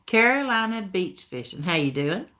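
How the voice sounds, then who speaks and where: Hosting a laid-back live stream, a woman from Tennessee reads out chat comments in folksy Appalachian-accented talk, laughing often. Her mid-range voice is bright and forceful, very animated, at a normal speed.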